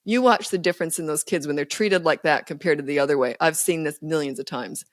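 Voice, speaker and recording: Low-voiced and fast-talking, this woman comes through with clean studio sound and no room ambience. As a guest parenting coach in a relaxed podcast interview, she's blunt, emphatic and confident.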